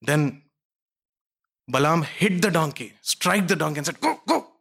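A preacher man with a somewhat high voice retells a scripture story as a sermon. His delivery is conversational and storytelling, with asides to his listeners. He moves easily between narration and quoted voices. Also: measured pace, fairly bright tone, husky.

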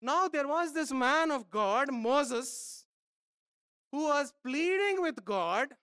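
A man preaching a sermon as pastor, emphatic, repeating phrases and swinging from soft asides to loud pleading. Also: very high voice, lively intonation, takes it slowly, no room sound, clean studio sound.

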